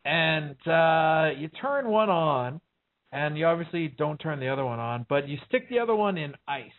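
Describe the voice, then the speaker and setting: A man's voice: fairly high pitch, animated, moderate pace. A man hosting a casual chat show, talking bluntly and profanely and rambling with lots of fillers. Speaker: podcast host. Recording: tinny phone-like sound.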